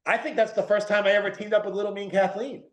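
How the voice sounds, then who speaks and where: This podcast guest talks fast in a voice that sits high, with flat delivery. He's a New Englander rambling through a casual interview chat, sprinkling in lots of "like" and "dude." The recording echoes around the room.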